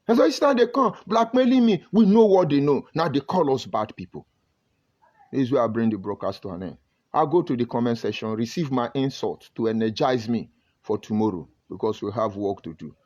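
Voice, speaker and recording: A man's voice: mid-range voice, lively intonation, fairly quick, a little mellow, lo-fi sound. A Nigerian man with a Nigerian accent giving emphatic live-stream commentary and greeting viewers from the comments. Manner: emphatic, preachy, reads viewer comments aloud. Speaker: online broadcaster.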